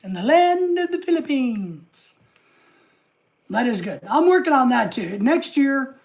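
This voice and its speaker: A woman's voice: on the high side, a little mellow. A woman hosting a casual live stream, rambling and reading viewer comments aloud.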